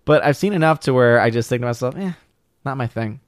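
A man hosting a casual livestream, talking his way through viewer comments in a rambling, self-interrupting manner. His voice sits at an ordinary middle pitch. The recording is dry and close, with little room sound. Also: expressive, quick pace, no room sound. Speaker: livestream host reading chat.

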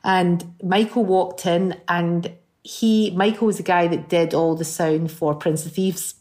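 A middle-aged woman with a Scottish accent, chatting as a guest and telling lively stories, acting out what people said. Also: on the low side, measured pace. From Scotland. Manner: lively storyteller who acts out quotes. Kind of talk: casual chat.

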